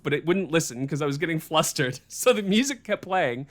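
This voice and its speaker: A man's voice: fairly high pitch, brisk. A man hosting a podcast, telling a story in casual chat, swearing freely and laughing often. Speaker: podcast host.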